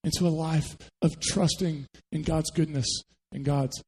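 A man's voice: fairly high pitch, fairly even intonation, unhurried, darkish tone, breathy edge, big-room sound, low-quality recording. A man preaching a sermon to a church congregation, talking conversationally and putting questions to the listeners. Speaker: pastor. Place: church sanctuary.

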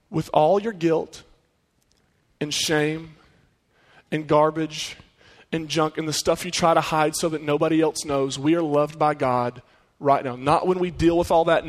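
A pastor preaches in a voice pitched a bit higher than most men's, earnest and conversational. He often turns to his congregation with rhetorical questions, and a long reverb trails his words as though he stands in a large hall.

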